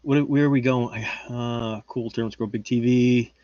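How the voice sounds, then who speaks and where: A man's voice: mid-range voice, fairly even intonation, measured pace, mellow, dry recording, muffled recording. Joking, rambling man on a livestream. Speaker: livestream host. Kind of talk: casual livestream chat, reading chat.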